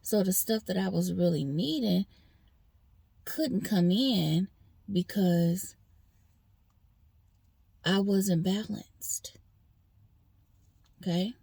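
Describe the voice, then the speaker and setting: Woman, vlogger, personal venting monologue, slow delivery, lively pitch swings, dry close sound. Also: gravelly, slightly rough, no room sound. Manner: rambling, talks straight to viewers.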